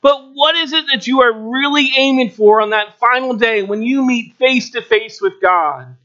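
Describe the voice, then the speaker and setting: A man preaching a sermon, telling a story with rising and falling delivery. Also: bright, forceful tone. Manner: storytelling with shifting pitch and pauses. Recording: dull lo-fi recording.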